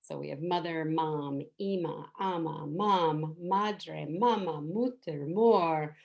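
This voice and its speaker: A middle-aged woman teaching a meditation softly and without hurry, guiding listeners to make the sounds along with her. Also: low voice, slow pace, gravelly, dull audio. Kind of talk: gentle spoken meditation teaching.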